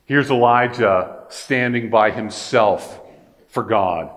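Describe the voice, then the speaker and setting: A man's voice: fairly low pitch, slow, fairly bright tone. A man preaching a sermon in a casual, conversational way with joking asides.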